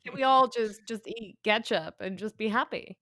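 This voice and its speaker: A woman guest on a comedy podcast, talking in an animated, giggly, self-deprecating way. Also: on the high side, moderate pace, no room sound, clean studio sound. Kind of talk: casual comedy chat.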